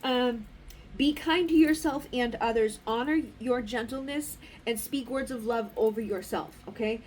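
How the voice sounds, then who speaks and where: A woman's voice: fairly high pitch, unhurried, a little mellow, slight background noise. A woman giving a casual oracle card reading, talking in a blunt, rambling way and swearing freely. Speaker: spiritual card reader.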